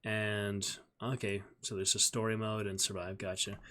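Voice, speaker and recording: A man's voice: fairly low pitch, level tone, normal speed, heavy background noise. A man streaming live, reading a novel aloud and chatting with viewers in a friendly, easygoing way.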